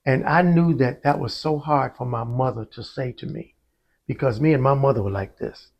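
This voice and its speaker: In a mid-range voice with vocal fry and a slightly mellow quality, a man speaks at a moderate pace. He's a church musician recounting his life to an interviewer, storytelling and performing the voices of people he quotes, in a conversational testimony.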